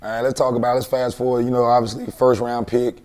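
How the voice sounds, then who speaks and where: A male host asks a long interview question at a fast clip. His voice is low and dark, with very little rise and fall. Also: little pitch movement.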